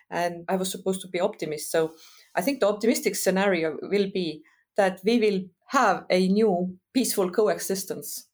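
A middle-aged woman from Estonia, speaking frankly as a guest expert in a podcast interview, pausing often with "uh" as she thinks. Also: lowish voice, a little mellow. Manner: thoughtful, frank, with frequent uh pauses.

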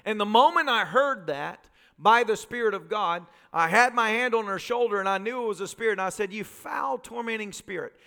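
High bright-voiced preaching man. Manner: vivid personal storytelling, quick emphatic phrases. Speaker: pastor. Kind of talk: sermon storytelling.

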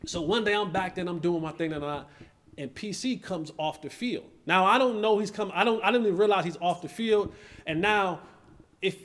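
A man hosting a podcast, telling a story in a lively, casual way and acting out quoted lines in different voices. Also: high-pitched. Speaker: podcast host and former player. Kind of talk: animated storytelling in casual chat.

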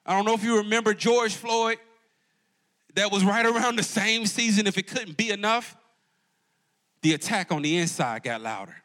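High-pitched and sharp, a campus pastor's voice carries through a church auditorium as he preaches live to the congregation. He engages the crowd in call-and-response, pushing his voice up and down for emphasis.

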